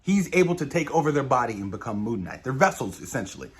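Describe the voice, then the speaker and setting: Excited man reviewing an episode. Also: medium pitch, fast talker. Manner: enthusiastic, keeps saying "you guys", swears casually. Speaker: show reviewer. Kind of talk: casual spoiler review.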